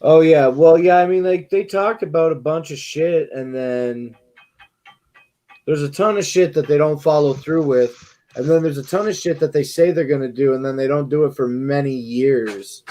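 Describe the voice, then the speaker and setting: A man's voice: a little high, normal speed, mellow. A sleepy man co-hosting a casual podcast chat, laid-back and profane. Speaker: podcast co-host.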